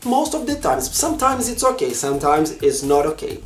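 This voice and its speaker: A man's voice: a little high, very animated, fairly quick. Brazilian man vlogging in an echoey room. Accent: Brazilian Portuguese. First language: Portuguese. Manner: earnest and chatty, simple non-native phrasing. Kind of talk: casual talk to camera. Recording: echoey room with faint music.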